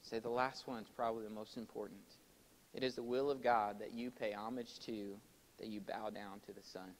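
A man preaching a sermon to his congregation in a church, swinging between loud, emphatic exhortation and quiet explanation, and calling for amens. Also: on the low side, fairly even intonation, moderate pace, slight background noise, rough recording. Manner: addresses congregation directly, calls for amens. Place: church sanctuary.

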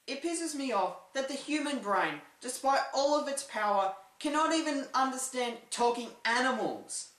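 A woman giving a comedic, opinionated movie review with sarcastic deadpan asides. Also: a little high, unhurried, hardly any pauses. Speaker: film reviewer. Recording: roomy echo, distant from the mic.

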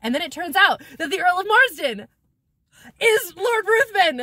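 A woman vlogger talks to her camera viewfinder through a camera mic, rambling casually through a book recap in a sarcastic, giggly way and swearing freely. Her voice is extremely high, with big pitch swings, a normal speed, and a bright, forceful tone. The recording is dry, with clean studio sound.

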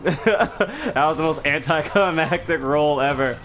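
A young man casually commenting while playing a fighting game, trash-talking opponents and shouting battle cries. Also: a little high, lively intonation, normal speed, few pauses, a little hiss or hum. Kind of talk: casual let's-play commentary.

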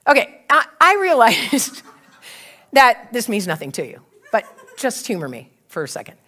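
A woman's voice: a little high, sing-song, normal speed, sharp tone. A woman in her sixties, a pastor, telling a funny story in a sermon and acting out her own part with laughter. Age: 60s.

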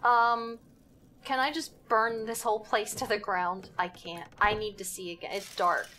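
A woman's voice: medium pitch, steady tone, unhurried, bright, forceful tone, slight background noise. A young woman streaming a horror game live, talking to herself in a jittery, giggly way and swearing as she goes. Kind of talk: live gaming commentary.

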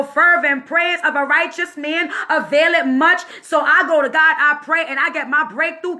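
A woman minister delivers an informal prophetic word in a high, bright voice. She preaches with lively energy, drops into casual slang and laughs often. Faint music plays behind her.

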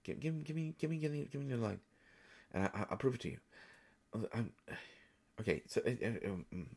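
A man's voice: medium pitch, very animated, brisk, gravelly, a little mellow, husky, heavily acted. A man voicing a jittery, over-caffeinated male voice actor who stammers and repeats words nervously in an audio role-play.

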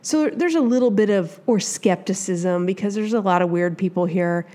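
A woman's voice: medium pitch, moderate pace, dark tone. A woman from the Midwest hosting a solo advice podcast, talking in a chatty, rambling way with lots of asides. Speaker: podcast host.

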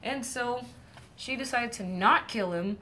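A woman's voice: a little high, measured pace, pushed and bright, a little hiss or hum. A young woman streamer casually retelling a myth to her viewers, joking around and acting out the characters in playful voices. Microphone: streaming setup mic.

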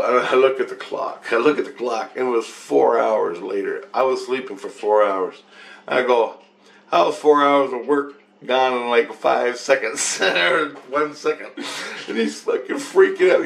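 A man's voice: on the low side, creaky. A man telling a rambling personal account, swearing freely and repeating phrases over and over. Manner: repetitive, profane, loops back on phrases.

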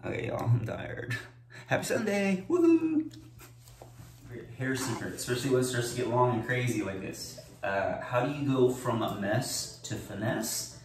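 A man's voice: medium pitch, normal speed. A man chatting casually to camera in a playful, joking, upbeat way. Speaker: vlogger. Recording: echoey room, mic at a distance.

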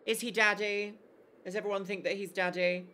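A woman on a casual live stream, playing a game and chatting with her chat in an animated, giggly way. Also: mid-range voice, fairly quick, a little hiss or hum.

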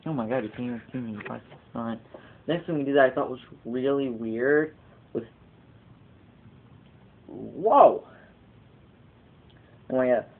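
A teenage boy with a gravelly, creaky voice rambles through a casual video blog, wandering off on tangents and swearing offhand. He is heard through a tinny, lo-fi webcam mic. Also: medium pitch, unhurried, pauses often. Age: teens. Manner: rambling, digressive, casually profane. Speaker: vlogger.

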